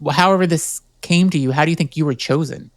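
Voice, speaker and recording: A man's voice: on the high side, fast, no echo, clean studio sound. A man hosting a podcast, asking curious questions and restarting them as he goes. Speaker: podcast host. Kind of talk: interview questions.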